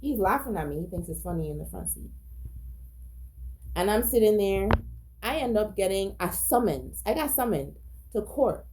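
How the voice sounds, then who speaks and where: A woman's voice: mid-range voice, sing-song, normal speed, pauses often, background noise. A woman telling a personal story in a casual monologue, agitated, profane, emphatic and repetitive. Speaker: storyteller recounting a personal incident.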